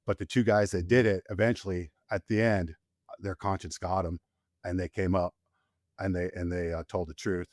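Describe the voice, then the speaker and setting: A Marine combat veteran in his forties, guesting on a podcast, candidly shares war stories in casual conversation. His low voice keeps a level tone at normal speed, though it climbs when he relives tense moments. The recording is studio quality with no room sound.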